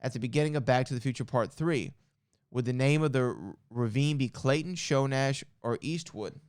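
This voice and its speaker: A man's voice: medium pitch, moderate pace, a little mellow, clear, resonant tone, no echo, studio quality. A male podcast host reading trivia questions and answers aloud, breaking off for chatty asides and correcting himself as he goes.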